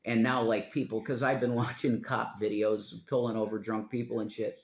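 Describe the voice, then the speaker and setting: Low-voiced man rambling on a livestream. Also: level tone, normal speed. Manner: meandering, swears freely, trails off mid-sentence. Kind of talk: rambling live-stream monologue. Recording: roomy echo.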